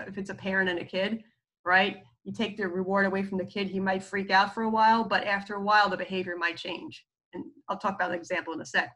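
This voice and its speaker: A woman with a medium-pitched, slightly bright voice gives a casual lecture on therapy skills as a psychologist. She's chatty, scattering fillers and asides throughout and acting out the quotes she relays.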